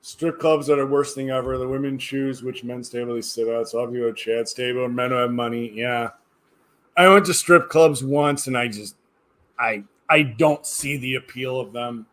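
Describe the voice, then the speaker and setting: A man talks on a livestream in a loose, rambling way at an ordinary mid pitch. He sounds tired, restarts his sentences and lets them trail off into quiet mumbling. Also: normal speed. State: tired, yawning. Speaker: livestreamer reading chat. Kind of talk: casual livestream chat.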